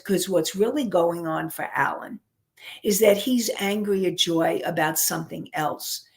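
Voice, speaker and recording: A woman counselor and life coach teaching an online class, repeating and restarting phrases as she works through an example. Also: medium pitch. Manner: unhurried, repeats and restarts phrases while explaining.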